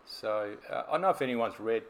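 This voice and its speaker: Gravelly business coach. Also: male voice, mid-range voice, expressive, a little fast, fairly bright tone, slight background noise. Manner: storytelling, explanatory. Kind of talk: podcast conversation.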